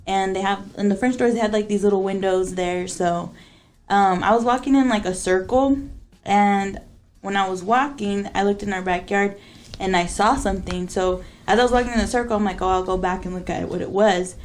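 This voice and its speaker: Young woman podcast co-host, mid-pitched, animated, chatty storyteller. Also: brisk. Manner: animated, laughing, lots of fillers. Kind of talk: casual storytelling chat.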